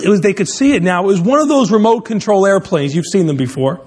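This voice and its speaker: A pastor preaching, opening with a lively illustrative story before turning to his sermon topic. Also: high-pitched, quick pace, breathy edge. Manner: animated storyteller, speeds up in tense moments.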